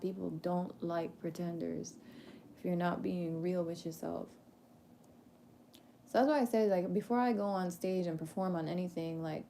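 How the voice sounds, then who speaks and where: A woman's voice: lowish voice, dark tone, a little hiss or hum. A woman performer speaking candidly and casually to her audience, emphatic and preachy, laughing often, swearing and using casual slang.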